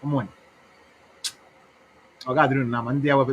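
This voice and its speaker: A man's voice: medium pitch, flat delivery, rapid-fire, a bit bright, slightly rough, rough recording. A man with an Igbo Nigerian accent giving a rambling campaign talk, mixing English with Igbo in a preachy, mocking way. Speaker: activist campaigner.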